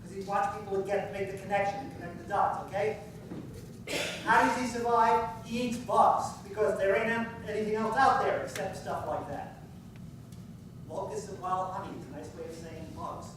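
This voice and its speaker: A man's voice: sits high, steady tone, normal speed, background noise. A male pastor giving an informal, conversational sermon, quizzing his congregation as he goes. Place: church sanctuary. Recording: echoey church from far off.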